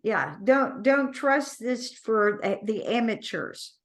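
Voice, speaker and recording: A woman hosting an interview, asking measured, prompting questions. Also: fairly high pitch, lively intonation. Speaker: interviewer, medical intuitive healer.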